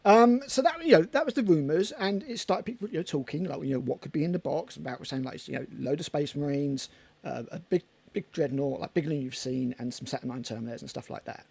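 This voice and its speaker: A man's voice: a little high, fast talker, vocal fry, darkish tone, slightly rough. A man co-hosting a casual hobby podcast, rambling and chatty with casual swearing. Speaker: podcast co-host. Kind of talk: casual chat.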